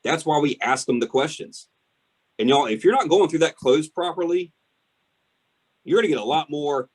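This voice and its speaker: A man's voice: on the high side, lively intonation, normal speed, long pauses, husky. A man coaching salespeople emphatically on a team call. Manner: emphatic, direct coaching with "y'all". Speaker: sales trainer.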